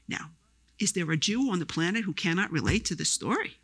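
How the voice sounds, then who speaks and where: A woman music scholar giving a live lecture, telling stories in a lively way and breaking into short chants as examples. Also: lowish voice, fairly quick, no room sound. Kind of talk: live lecture with sung demonstrations. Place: lecture hall before a live audience.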